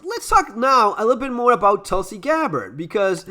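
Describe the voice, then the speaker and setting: Heated Latin American man with lively pitch. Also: normal speed. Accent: Argentine Spanish. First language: Spanish. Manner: heated, emphatic, sarcastic. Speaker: channel host commenting on clips. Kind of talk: opinionated commentary.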